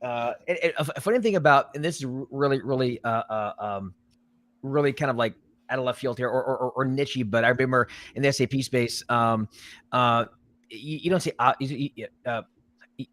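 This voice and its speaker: A man's voice: mid-range voice, brisk, fairly bright tone, no room sound. A man hosting a live recruiting show, chatting casually and rambling with many restarts. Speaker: podcast host, recruiter. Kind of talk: casual live-stream chat.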